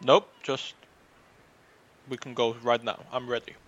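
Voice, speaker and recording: A man playing a male Triton from the deep sea in a tabletop game, curt and matter-of-fact. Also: little pitch movement, a little slow, fairly bright tone, close to an everyday voice. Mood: eager. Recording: dull lo-fi sound.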